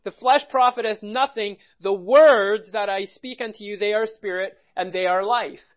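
Captured in muffled lo-fi audio, the speaker is a preacher moving verse by verse through a Bible passage. He keeps a moderate pace at medium pitch, delivering emphatically and methodically while lingering on important words.

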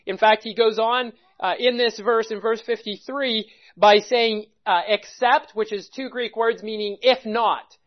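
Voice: mid-range voice, steady tone, unhurried. A preacher giving a verse-by-verse Bible teaching, speaking in an emphatic, methodical way and stopping to stress key words. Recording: dull lo-fi recording.

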